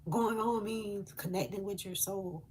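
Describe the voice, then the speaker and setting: A woman's voice: mid-range voice, unhurried, darkish tone. Woman with aave channeling spirit messages, earnest and emotional, lots of ums, slight hiss behind. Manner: earnest and emotional, with hesitant fillers.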